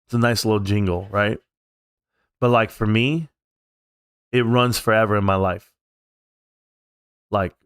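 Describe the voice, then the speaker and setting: A man's voice: fairly low pitch, unhurried, long pauses, fairly bright tone, clean tone, no room sound, studio quality. A man hosting a casual live stream from home, talking in a rambling, heartfelt, reflective way. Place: at home, alone.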